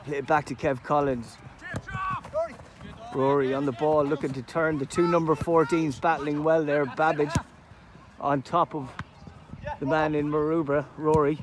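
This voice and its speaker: A man giving live play-by-play commentary at an amateur football match outdoors, chatty between plays and loud at goals. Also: fairly high pitch, level tone, unhurried, long pauses, noisy background. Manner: chatty play-by-play, erupts loudly at goals and chances. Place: outdoors at a sports ground.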